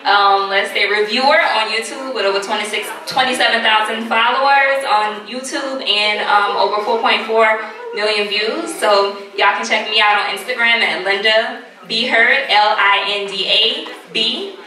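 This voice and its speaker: A woman's voice: mid-range voice, steady tone, moderate pace, sharp tone. A woman from New Orleans speaking on a panel, chatty and direct. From New Orleans, Louisiana. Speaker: panelist, hair product reviewer. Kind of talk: panel discussion. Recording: echoey hall, mic far off.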